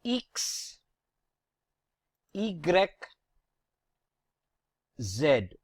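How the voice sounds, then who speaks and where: Slow, deliberate French alphabet teacher. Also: mid-range voice, sing-song, husky, no room sound, studio quality. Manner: deliberate, spells out letters one by one with corrective tips. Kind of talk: slow alphabet pronunciation lesson.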